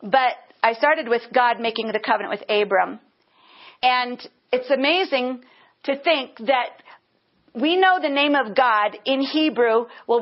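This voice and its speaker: High-voiced woman Bible teacher. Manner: earnest, with bursts of praise. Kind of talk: teaching sermon. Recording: dull lo-fi sound.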